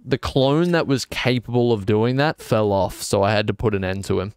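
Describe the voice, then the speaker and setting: A man's voice: mid-range voice, a little fast, hardly any pauses, clean tone, no echo. Joking young man streaming a game. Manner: rambling, jokey, talks back to chat. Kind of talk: casual gaming stream commentary.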